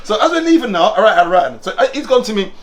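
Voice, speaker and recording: A man telling a story in casual chat, animated and often laughing. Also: high voice, quick pace, crowd noise.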